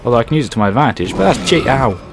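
Man, let's play commentary, excitable, swears a lot, very animated pitch. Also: rapid-fire, music in the background. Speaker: gaming commentator.

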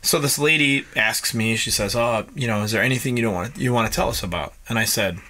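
A man's voice: medium pitch, fast, sharp tone. A man in his late thirties, from upstate New York, co-hosting a podcast and telling a profane story with lots of laughter. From North Tonawanda, New York. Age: late 30s. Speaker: podcast co-host. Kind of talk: casual storytelling chat.

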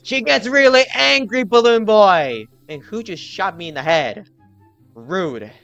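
A man hosting a gaming channel, giving excited gameplay commentary while taunting the other players and often yelling. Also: high voice, unhurried, creaky, lo-fi sound, soft background music.

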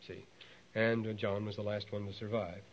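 A man's voice: lowish voice, level tone, moderate pace. A man giving a university lecture, thinking aloud with fillers and restarts and lifting his voice to read quotations. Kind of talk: university lecture on ancient texts. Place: lecture hall. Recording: dull lo-fi 1960s lecture tape.

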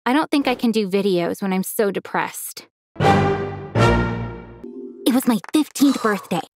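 A woman narrating a first-person animated story as a teenage girl, expressive and lively in delivery. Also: mid-range voice, measured pace, over loud music. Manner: expressive, acts out a teenage girl's feelings.

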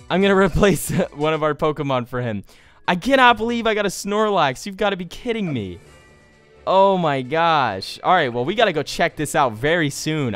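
A man hosting a video game let's play, talking straight to his viewers with jokey, excitable commentary. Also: medium pitch.

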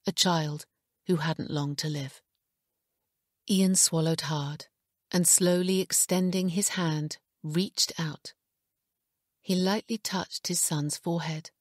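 A woman narrating an audiobook in a hushed, measured way, recorded in a studio booth. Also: lowish voice, steady tone, no room sound. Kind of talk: scripted narration.

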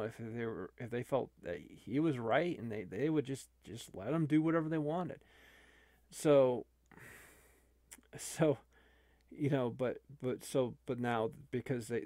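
A man's voice: medium pitch, darkish tone, dry recording, clean studio sound. A man, an online video creator, talking casually and rambling with many restarts.

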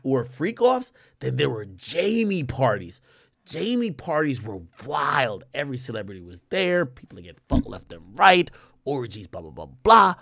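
A man's voice: mid-range voice, vocal fry, fairly bright tone, no room sound. Blunt, profane male streamer, dry sound. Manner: blunt, profane, chuckling asides. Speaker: streamer host. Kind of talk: casual reaction commentary.

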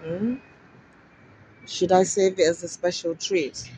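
Woman from africa vlogging on her phone outside, chatty and repetitive, gets excitable, faint street noise behind. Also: lowish voice, slow, low-quality recording. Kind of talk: casual walking vlog to camera. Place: outdoors on a busy town street.

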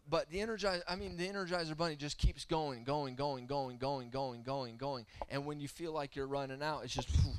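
A man in his thirties preaching a humorous, animated sermon that swings between loud and soft. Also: on the high side, clear, resonant tone, no room sound. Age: 30s.

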